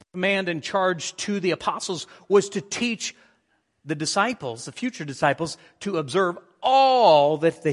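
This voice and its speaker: A man's voice: on the high side, a bit bright. A man preaching a sermon, reading scripture aloud and drawing in his congregation. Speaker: pastor. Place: church sanctuary. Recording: church sanctuary reverb.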